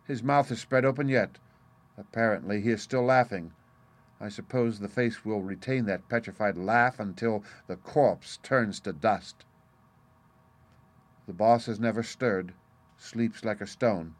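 A man narrating a classic novel chapter for an audiobook in a measured, even storytelling delivery. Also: fairly low pitch. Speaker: audiobook reader. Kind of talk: scripted narration.

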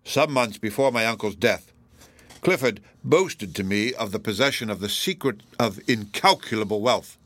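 A man reading aloud in the voice of a smug, pompous elderly judge, formal and deliberate. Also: fairly low pitch, fairly bright tone, no echo. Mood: insistent. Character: smug, self-assured elderly male judge, pompous and formidable.

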